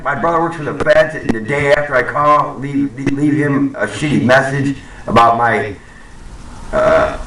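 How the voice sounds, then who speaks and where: A man's voice: mid-range voice, a bit bright, roomy sound, distant mic, slight background noise, poor audio. A man ranting angrily to camera, swearing and repeating himself, in a profane monologue. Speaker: vlogger. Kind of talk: profane conspiracy rant to camera.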